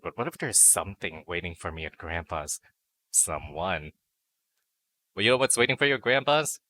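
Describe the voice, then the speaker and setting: A man's voice: low-pitched, pushed and bright, a little hiss or hum. A man streaming a dating sim, reading the story aloud and breaking in with playful, crude jokes and silly noises. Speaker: VTuber game streamer.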